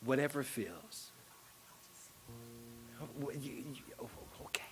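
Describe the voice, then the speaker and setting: A man's voice: medium pitch, lively intonation, takes it slowly, loud music behind the voice. A man preaching a sermon in a church, leading affirmations and prayer with repeated phrases. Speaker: spiritual speaker.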